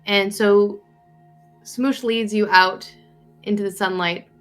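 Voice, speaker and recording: A woman's voice: medium pitch, fairly even intonation, takes it slowly, smooth, soft background music. A woman narrating as game master of a tabletop game, storytelling with an easy flow and frequent fillers.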